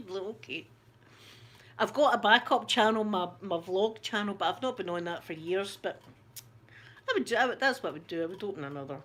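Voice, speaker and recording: A woman's voice: mid-range voice, fairly bright tone. A middle-aged woman with a Scottish accent, a channel host in casual chat, laughing often as she tells stories. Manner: chatty, laughs often, storytelling.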